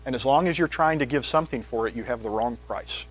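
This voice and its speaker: A man preaching a sermon in a conversational, animated way, reading scripture aloud with rising pitch and volume. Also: quick pace, a little hiss or hum, poor audio.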